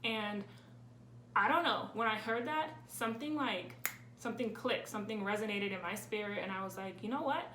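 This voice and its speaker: A woman's voice: medium pitch, steady tone, moderate pace, pushed and bright. Chatty young woman in a roomy space. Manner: chatty and candid, with frequent "like" fillers. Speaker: vlogger. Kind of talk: casual Q&A vlog. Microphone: camera on a tripod. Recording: roomy with faint ambient noise.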